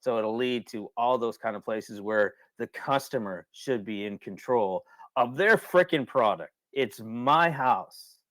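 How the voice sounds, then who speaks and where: A man's voice: mid-range voice, measured pace, a bit bright, no room sound. A man hosting a casual webinar, talking in a rambling, colloquial way and repeating himself when he gets worked up. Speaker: webinar host.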